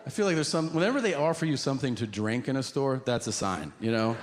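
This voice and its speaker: A man doing stand-up storytelling on a live stage, profane and incredulous, with deadpan punchlines. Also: mid-range voice, fast talker. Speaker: stand-up comedian. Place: live comedy stage before an audience. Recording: noisy live stage recording.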